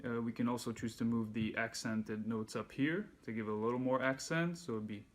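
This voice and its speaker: A man giving a handpan lesson, calmly explaining and counting beats aloud. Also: mid-range voice, a little fast. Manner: relaxed, patient explaining, counts beats aloud while playing. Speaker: handpan teacher. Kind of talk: music lesson instruction. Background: handpan music.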